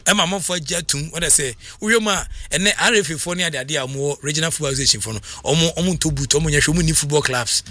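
A man with a Ghanaian accent talking football as a radio pundit, excitable and rambling, laughing often. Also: a little high, fast, few pauses, a little hiss or hum. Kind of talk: casual radio talk.

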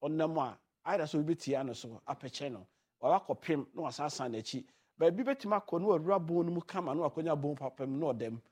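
A man hosting a radio talk show in a relaxed, chatty way, switching freely between languages. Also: fairly high pitch, quick pace, husky. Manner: mixes languages, chatty and loose. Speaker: radio host. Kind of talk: casual radio chat.

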